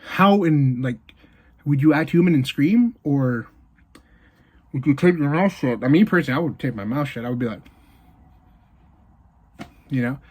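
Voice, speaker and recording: In a casual movie review, a man retells the plot with animation, packing in fillers and quick asides. His voice is medium in pitch and slightly rough.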